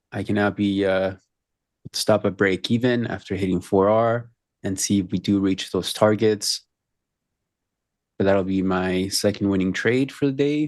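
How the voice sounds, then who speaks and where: A man's voice: lowish voice, a little mellow, no room sound, studio quality. A man co-hosting a live trading show, chatting casually and joking about his trades. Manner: quick, joking banter.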